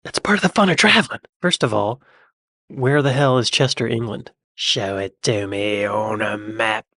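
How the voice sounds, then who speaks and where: A man's voice: fairly low pitch, pushed and bright, dry recording. Chatty American man hosting reactions. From United States. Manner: chatty and joking, with quick laughs. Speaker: reaction channel host. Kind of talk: casual reaction commentary.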